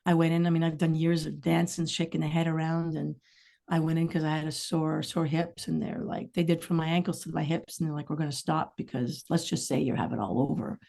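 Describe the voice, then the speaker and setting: A woman's voice: sits low, fairly quick, creaky. A middle-aged woman, a singer-songwriter guest, telling candid, rambling stories in a casual podcast chat. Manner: candid, rambling storytelling with lively asides.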